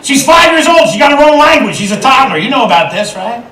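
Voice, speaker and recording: An older man doing a stand-up set, shouting punchlines to the crowd. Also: very high-pitched, very animated, fast talker, slight background noise. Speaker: stand-up comedian. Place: large theater with a live audience. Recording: echoey hall recorded from a distance. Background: loud crowd laughter.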